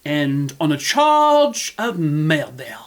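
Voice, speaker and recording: An American man putting on a British accent to play a stern older male judge, speaking slowly and formally. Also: a little high, very animated. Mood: solemn. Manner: slow, grave and formal.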